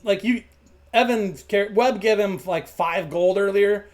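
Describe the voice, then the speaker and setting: A woman's voice: medium pitch, measured pace, background noise. A woman narrating as game master of a tabletop game, rambling with many filler words. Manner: rambling, lots of "like".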